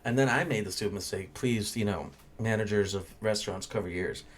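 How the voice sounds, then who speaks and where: A man's voice: fairly low pitch, a little fast, a little hiss or hum. A young man who hosts a podcast and works as a bartender, telling a story in a blunt, ranting way and swearing freely. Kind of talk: casual profane storytelling.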